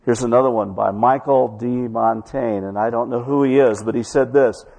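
A male pastor delivers a sermon in a church, his voice slightly husky and breathy. He tells a story to the congregation, drawing out his key words for emphasis. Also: medium pitch, fairly even intonation, a little mellow, big-room sound, highs cut off. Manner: storytelling preacher, slows for emphasis.

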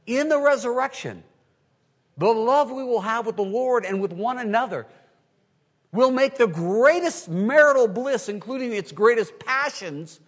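High lively guy preaching, big swings loud to soft, echo of a big hall. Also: unhurried. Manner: animated preaching, swinging from quiet to loud, plays out listeners' voices. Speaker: pastor. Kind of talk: sermon. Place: large hall with an audience. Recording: long hall reverb.

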